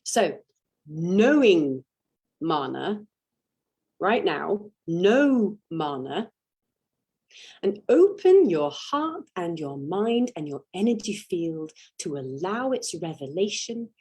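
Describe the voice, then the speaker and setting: A woman giving a spiritual teaching in a slow, deliberate, meditative way, leaning on single words for emphasis. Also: on the low side, very animated, a little mellow, slightly rough.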